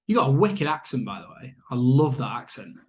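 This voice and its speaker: A man from Blackpool chats as a guest on a podcast, friendly and easygoing. His voice sits at an ordinary middle pitch for a man. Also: big pitch swings, a little fast, a little mellow. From Blackpool, northern England. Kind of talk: casual chat.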